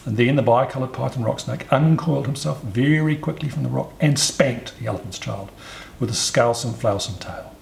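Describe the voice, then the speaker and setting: A man reads a storybook aloud in an expressive, sing-song way. His voice is mid-pitched with a creaky grain, and it rings in a roomy space with faint ambience behind. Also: moderate pace, a little hiss or hum.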